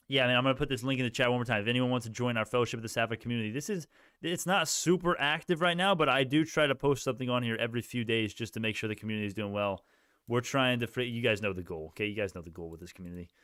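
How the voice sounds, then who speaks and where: Male stock streamer, clear smooth voice, dry close sound, loose and rambling. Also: medium pitch, a bit bright, no room sound. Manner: rambling, casual, thinking aloud. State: sleepy, yawning. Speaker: stock livestream host. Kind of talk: live stream chat answering viewers.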